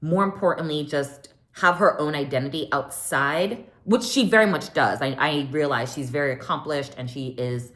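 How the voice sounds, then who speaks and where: Low-pitched woman doing a chatty tv recap, loves acting out the drama. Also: moderate pace, few pauses. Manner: chatty, animated, mimics people in quotes. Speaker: recap podcast host. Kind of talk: casual reality TV recap.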